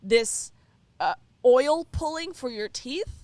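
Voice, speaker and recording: A woman's voice: high voice, animated, slow, a little mellow, dry recording. A woman co-hosting a casual podcast chat, rambling and hesitant with lots of fillers. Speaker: podcast co-host.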